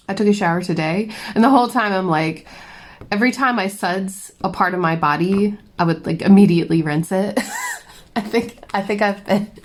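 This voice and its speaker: A young woman hosting a crafting vlog, telling a story in a chatty, giggly way with lots of fillers. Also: mid-range voice. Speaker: crafting channel host. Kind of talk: casual chat while diamond painting.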